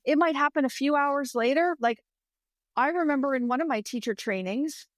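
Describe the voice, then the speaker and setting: A woman's voice: sits high, normal speed, no echo, studio quality. A woman in her fifties talking candidly on a podcast, telling personal stories and acting out her own thoughts. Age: 50s. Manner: candid, storytelling, acts out her own inner voice. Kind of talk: casual podcast chat.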